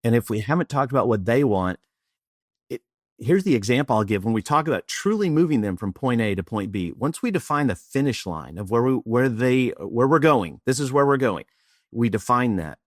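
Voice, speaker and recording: A middle-aged presentation coach from Austin, Texas tells a story in an interview, animatedly acting out bits of dialogue. His voice is medium-pitched and brisk, with studio quality and no echo.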